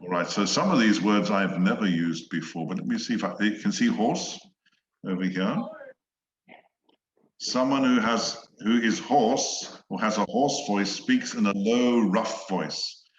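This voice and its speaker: Slow, patient male English tutor. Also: on the low side, slight background noise. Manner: slow, patient, demonstrates voices. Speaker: English teacher. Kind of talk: online one-on-one lesson. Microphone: video call. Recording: echoey, dull video-call audio.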